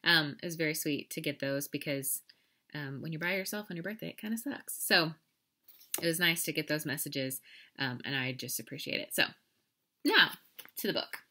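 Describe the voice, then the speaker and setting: Bright-voiced woman teacher reading aloud. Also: low voice, lively intonation, normal speed. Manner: casual, many filler ums, friendly reminders. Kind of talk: class announcements and read-aloud.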